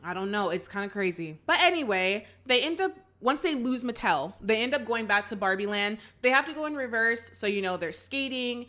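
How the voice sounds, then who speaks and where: Pitched on the high side, this young woman speaks at a moderate pace with few pauses while hosting a movie reaction. She recaps the story casually, performs characters' lines with animation, and addresses her audience directly as y'all.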